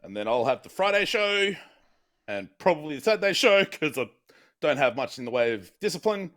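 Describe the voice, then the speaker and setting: A podcast co-host with a high, bright, sharp voice. He cracks jokes and swears freely as he chats. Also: big pitch swings, fairly quick. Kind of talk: casual podcast chat.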